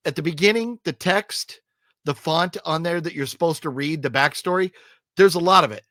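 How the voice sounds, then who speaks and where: A man reviewing films in a loose, casual podcast chat, his voice pitched a little higher than usual for a man. He rambles through fillers and restarts and gripes with emphatic exasperation. The sound is close and dry, with no room in it. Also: moderate pace, fairly bright tone, no echo.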